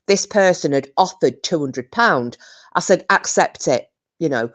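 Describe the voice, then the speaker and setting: A woman's voice: low voice, expressive, unhurried. A British woman chatting casually on a livestream, reading comments and telling a rambling story full of restarts. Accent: British English. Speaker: livestream host. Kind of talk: casual live chat reading viewer comments.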